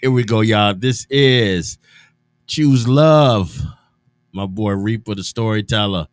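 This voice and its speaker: A man hosting an afternoon radio show in casual talk, loose and chatty with drawn-out hesitations and restarts. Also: lowish voice, no room sound. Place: radio studio.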